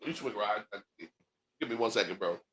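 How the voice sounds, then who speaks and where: A man's voice: on the low side, moderate pace, a bit bright, husky. A man hosting a casual chat, laid-back, chiming in with short agreements and his own stories. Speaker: host.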